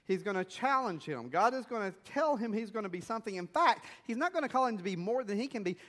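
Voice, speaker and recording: High-voiced preacher telling stories. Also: male voice, expressive, fast, a bit bright. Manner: conversational storytelling with rhetorical questions. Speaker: missionary pastor. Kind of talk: sermon.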